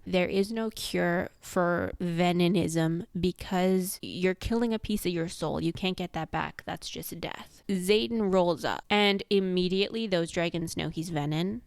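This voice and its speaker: A woman's voice: lowish voice, a little slow, few pauses, dry recording. A woman vlogger summarizing a book in a casual, sarcastic way, swearing freely. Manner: sarcastic, profane.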